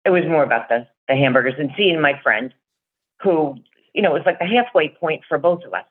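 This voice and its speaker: A woman's voice: low voice, animated, fairly quick, slightly rough. A middle-aged woman in casual chat, telling a rambling fan story and acting out the voices of the people in it. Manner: chatty storyteller, acts out quoted voices. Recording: tinny phone line.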